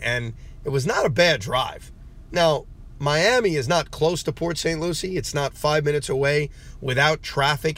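A man hosting a casual solo sports podcast, ranting in an animated and exasperated way, recorded in a parked car. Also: mid-range voice. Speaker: podcast host. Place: parked car near a rental return.

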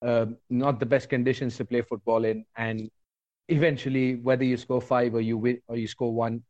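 A man co-hosting a football podcast, speaking in a measured, somewhat hesitant way. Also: medium pitch, little pitch movement, a little mellow, no echo. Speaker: podcast co-host. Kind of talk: casual football call-in chat. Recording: dull dry podcast audio.

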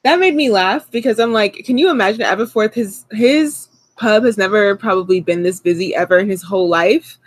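A playful woman co-host chatting casually about a book, tossing out slang with animated energy. Her voice sits close to the mic with a dry, unechoing sound. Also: medium pitch, a little fast, hardly any pauses, no room sound. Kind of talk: casual book-club chat.

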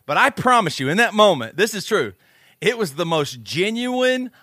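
Podcast co-host, male, high bright voice, animated ranting storyteller, dry mic. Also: moderate pace, no room sound. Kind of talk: casual chat. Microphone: studio microphone.

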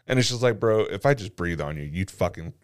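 A man's voice: low-pitched, expressive, a little fast, clear, resonant tone. Blunt, crude young man bantering. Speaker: podcast co-host. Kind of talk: casual chat.

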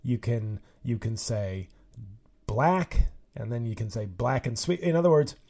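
A man's voice: medium pitch, normal speed. A man hosting his own podcast, telling stories in a casual, sarcastic, ranting comedic monologue. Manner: ranting, sarcastic, animated storytelling. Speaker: podcast host.

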